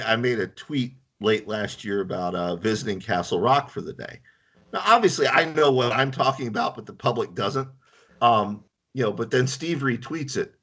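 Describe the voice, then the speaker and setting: Brief: American author guest, animated anecdote teller with bright, tense edge. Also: male voice, medium pitch. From United States. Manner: laughing, storytelling with animated quoted voices. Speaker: podcast guest, horror author. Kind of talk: casual chat.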